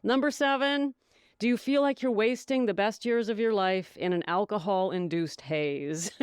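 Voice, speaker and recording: A woman's voice: medium pitch, clean tone, no echo, studio quality. A middle-aged woman hosting a sobriety podcast, reading quiz questions aloud and mocking them with giggles and sarcasm. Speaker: podcast host. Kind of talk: casual sobriety talk.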